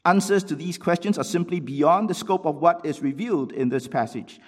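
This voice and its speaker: A man preaching a sermon, swinging between loud rhetorical questions and low asides, and reading quotations aloud from books. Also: moderate pace, slightly rough.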